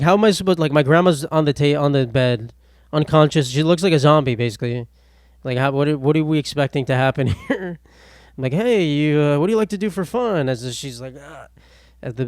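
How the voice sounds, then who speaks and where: A man's voice: medium pitch, no echo. Rambling young man on a dry mic. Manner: rambling, self-deprecating, quick asides. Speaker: podcast host. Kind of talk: casual solo podcast monologue.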